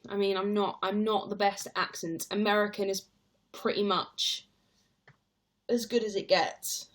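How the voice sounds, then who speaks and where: A woman's voice: mid-range voice, steady tone, a little slow, long pauses. A young woman chatting casually on a livestream, rambling and answering viewer comments. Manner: chatty and rambling, heavy use of "like". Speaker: stage actor and livestreamer.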